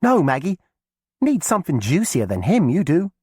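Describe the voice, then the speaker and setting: A man voicing a bold, quick-witted young girl who talks eagerly and persuasively in a folksy rustic way. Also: a little high, wildly swooping pitch, a little mellow, breathy edge, no echo, clean studio sound, pitched above the performer's own voice, heavily acted. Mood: coaxing. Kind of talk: audiobook character voice.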